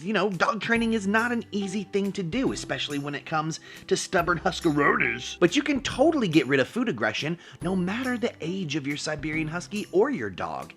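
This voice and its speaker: A young man hosts a casual instructional vlog from his home, playful and jokey as he talks to viewers. His voice sits a touch high and is very animated, with faint music playing behind him. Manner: playful and jokey, calls viewers bro and dude. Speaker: dog trainer and video host.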